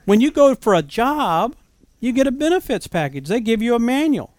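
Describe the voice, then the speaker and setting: A man's voice: very high voice, big pitch swings, normal speed, a little mellow, dry recording. A man preaching a sermon in an earnest, conversational way, asking the listeners rhetorical questions.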